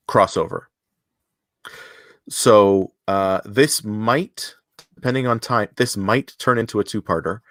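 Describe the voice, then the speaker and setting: A man's voice: lowish voice, fairly bright tone, no room sound, clean studio sound. A man co-hosting a business podcast in casual chat, joking and loose, often restarting sentences. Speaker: podcast co-host.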